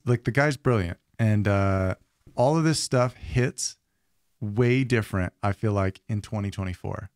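A man's voice: lowish voice, measured pace, darkish tone, smooth, dry recording, clean studio sound. A man co-hosting a podcast in casual chat, rambling with many fillers and restarts. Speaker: podcast co-host.

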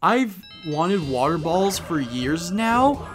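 Let's-play commentator: male, slightly high, rambling and jokey, game music underneath. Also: very animated, slow. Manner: rambling, chatty, jokey, breaks into silly voices.

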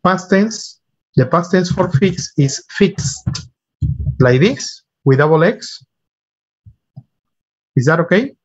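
A man's voice: high-pitched, lively intonation, takes it slowly, long pauses, muffled recording. A man teaching an online English class, patiently repeating and spelling words out for his students over a computer mic. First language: Spanish. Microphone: computer mic on a video call.

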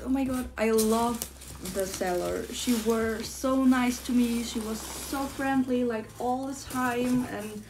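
A young woman from Germany, whose first language is German, gushing with breathless excitement as she unboxes a model horse for her vlog and repeats herself often. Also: a little high, background noise. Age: young adult. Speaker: model horse collector vlogger.

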